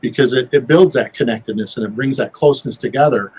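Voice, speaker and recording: Husky-voiced guy chatting on a show, folksy and rambly, lots of you-knows. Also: medium pitch, quick pace, poor audio. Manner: rambling, folksy, many fillers and restarts. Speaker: guest. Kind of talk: casual chat.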